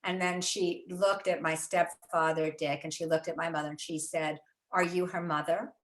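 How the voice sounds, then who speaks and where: A woman author hosting a live broadcast, telling family stories in a lively, casual way and acting out the voices of the people in them. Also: low-pitched, moderate pace. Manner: animated storytelling, acting out quoted voices. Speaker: author and host. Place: writing studio. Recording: echoey room.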